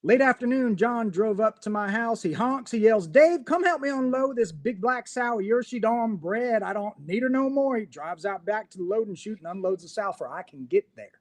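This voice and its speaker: A man's voice: on the high side, very animated, unhurried, pauses often, a little mellow, husky, full character voice. A man reading a poem in the voice of a folksy rural pig farmer, with a drawling country twang. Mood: wry.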